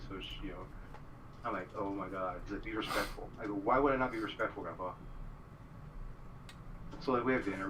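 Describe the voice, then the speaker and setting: Fast-talking man, rambling storyteller. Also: sits low. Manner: rambling storyteller, filler-heavy. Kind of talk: casual chat. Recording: distant mic with noise.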